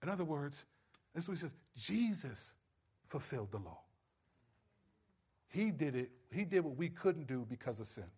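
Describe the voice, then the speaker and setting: A man preaching a sermon, stressing points loudly and then dropping to low, quiet asides. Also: very animated, moderate pace, pauses often, breathy edge. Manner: emphatic, swings between loud stresses and low quiet asides. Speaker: pastor.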